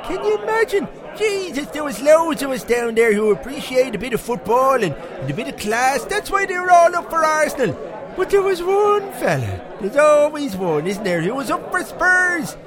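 A squeaky, sing-song pub regular, rambling through a crude comic rant and swearing without pause. His voice rides a loud crowd murmur like a busy bar, and he swings up and down with excitable energy. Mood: boisterous. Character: foul-mouthed Irish pub regular, middle-aged man, boastful and crude. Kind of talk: comic character monologue.

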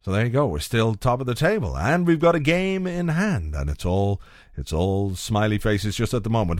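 A man's voice: on the low side, no echo. A man hosts a football podcast in a chatty, upbeat way and uses plenty of fillers. His voice is recorded close and dry on a studio mic. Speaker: podcast host.

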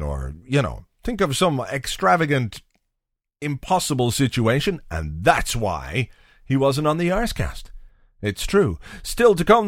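A man's voice: mid-range voice, no echo, clean studio sound. A man hosting a football podcast, chatty and upbeat, with frequent fillers. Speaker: podcast host.

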